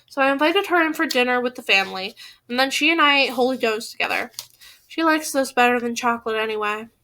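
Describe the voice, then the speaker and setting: A woman's voice: fairly high pitch, expressive, fast talker, pushed and bright. A woman reading as a cheeky teenage boy. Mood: teasing.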